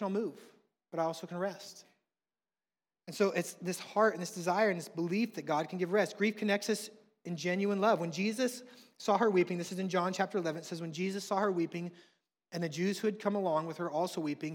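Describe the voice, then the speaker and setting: A man, preaching a sermon with passion, swinging between hushed and loud. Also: on the high side. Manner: impassioned, swings from soft to loud. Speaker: pastor. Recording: long reverb of a large hall.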